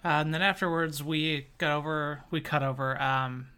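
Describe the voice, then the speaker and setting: A woman from Chicago co-hosting a podcast, giggly and animated, swearing casually as she recaps. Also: low-pitched, normal speed, clean tone, faint music behind. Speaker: podcast co-host. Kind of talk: casual chat recapping a TV episode.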